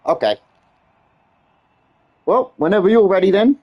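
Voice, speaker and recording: A man's voice: high-pitched, very animated, moderate pace, long pauses, breathy edge, lo-fi sound. A man ranting and swearing nonstop as he streams a game. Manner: exasperated ranting, heavy swearing. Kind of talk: livestream gaming commentary.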